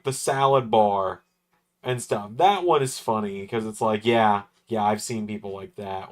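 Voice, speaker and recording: A man hosting a livestream watch-along, chatting casually in a rambling, laid-back way with the occasional chuckle. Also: on the low side. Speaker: livestream host. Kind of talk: casual chat during a wrestling watch-along.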